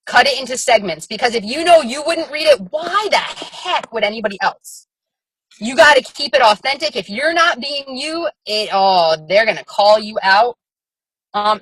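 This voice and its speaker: Chatty, husky-voiced woman coaching a team. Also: fairly high pitch, a bit bright, no echo, rough recording. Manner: chatty and frank, with frequent fillers. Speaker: fitness coach on a team call. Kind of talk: casual coaching talk.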